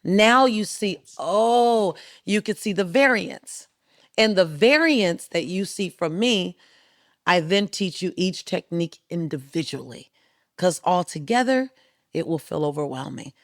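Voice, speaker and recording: A woman guest speaker on a podcast tells stories with emphatic rhythm and lively drive. Her voice has a gravelly edge, and the studio sound is close and dry, with no room around it. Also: fairly low pitch, unhurried, no echo. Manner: emphatic, rhythmic, animated storytelling. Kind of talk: storytelling interview talk.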